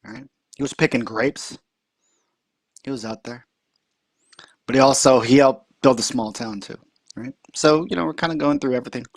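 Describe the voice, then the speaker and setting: A man's voice: mid-range voice, normal speed, pauses often, dry recording, clean studio sound. A man hosting a podcast, telling a story casually and rambling with lots of fillers. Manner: rambling, full of fillers and restarts. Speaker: podcast host. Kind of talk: casual chat, comic storytelling.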